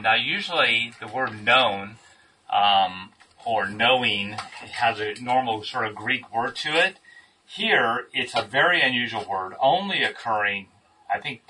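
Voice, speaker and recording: A man's voice: medium pitch, sharp tone. A man leading a casual group Bible study, thinking aloud and stressing key words. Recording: distant mic with faint room noise.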